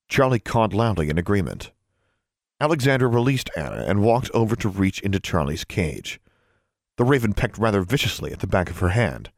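A man with a lowish voice narrates a fantasy story, letting his pitch rise and fall expressively. The recording is dry and close to the microphone. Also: sing-song, brisk, no room sound. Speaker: audiobook narrator. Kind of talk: scripted narration.

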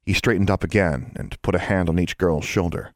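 A man with a low-sitting voice narrates an audiobook in an even, measured storytelling style. The recording is dry and studio-clean.

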